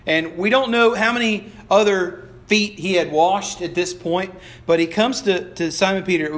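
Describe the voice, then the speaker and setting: Male pastor, high voice, conversational sermon, restarts a lot. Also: fairly bright tone. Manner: conversational preaching with repeated restarts; acts out quoted lines in voices.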